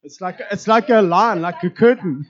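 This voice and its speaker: A hoarse man introducing himself to a church, earnest and laughing easily. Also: high-pitched, normal speed, lo-fi sound. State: hoarse, voice low. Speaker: new church staff member.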